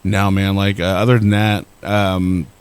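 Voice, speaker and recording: Rambling, low-voiced man telling a story. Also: little pitch movement, a little slow, smooth. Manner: rambling, profane, self-deprecating storytelling. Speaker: podcast co-host. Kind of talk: casual storytelling chat.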